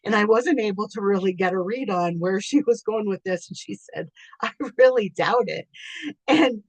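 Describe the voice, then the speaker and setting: A woman business coach giving an unscripted, heartfelt thank-you talk, chatty, full of ums and quick to laugh at herself. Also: mid-range voice, darkish tone, dry recording. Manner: tearful and moved toward the end. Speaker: business coach and podcast host.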